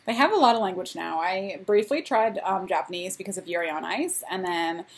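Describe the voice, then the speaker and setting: A woman's voice: fairly low pitch, brisk. A young adult woman co-hosting a casual chat, telling stories with dry asides. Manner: chatty storyteller, dry asides. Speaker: podcast co-host.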